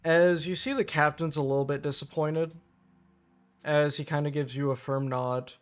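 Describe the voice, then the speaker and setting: A man's voice: fairly high pitch, fairly even intonation, moderate pace, smooth. A man running a tabletop game as game master, narrating casually with fillers.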